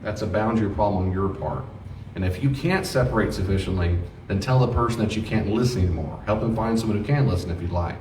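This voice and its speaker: A man with a deep voice teaches a class on grief, earnestly acting out little exchanges to make his point. He is heard from some distance in an echoey room, with a faint hiss of noise behind him. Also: fast, a little mellow. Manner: earnest, acts out short exchanges. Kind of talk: classroom lecture with role-play examples.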